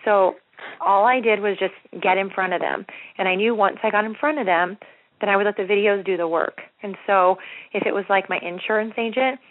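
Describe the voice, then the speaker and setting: Energetic woman coaching on a conference call, mid-pitched, heard over a tinny phone line. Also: fairly quick, dry recording. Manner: upbeat, energetic, repeats herself, acts out sample phone scripts. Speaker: network marketing leader on a training call. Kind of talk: motivational conference-call talk.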